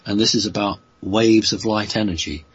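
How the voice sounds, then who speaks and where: A man with a very deep, gravelly-husky voice works through his answers slowly, pausing on fillers and restarting sentences as he goes. The audio is muffled and lo-fi. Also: steady tone. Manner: slow, halting, many fillers and restarts. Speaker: guest answering listener questions. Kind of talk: unscripted spoken answers.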